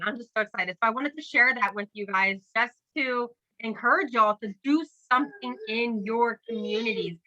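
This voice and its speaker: A woman talking excitedly on a casual group call, emotional and dropping mild swears. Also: on the high side, lo-fi sound. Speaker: team member sharing tips.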